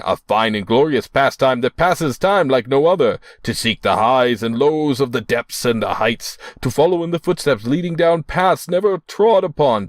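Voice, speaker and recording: A man's voice: mid-range voice, dry recording, studio quality, voice pushed up, lightly acted. A man voicing a pompous, long-winded male townsman in a game, speaking in a rambling, flowery and grandiose manner in a raised voice.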